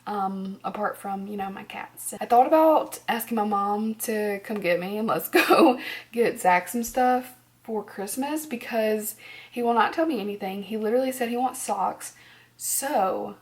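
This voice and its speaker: A woman's voice: mid-range voice, a little slow. Tired woman vlogger chatting rambly. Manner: rambling, laughs often, drops to near-whispers. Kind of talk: casual chat to camera. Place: at home.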